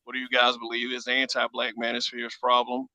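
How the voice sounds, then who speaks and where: Bright-voiced man rambling as a host. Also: medium pitch, completely flat delivery, brisk, dry recording, low-quality recording. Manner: rambling, full of uh fillers, laughs often. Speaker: podcast host. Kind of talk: casual podcast chat.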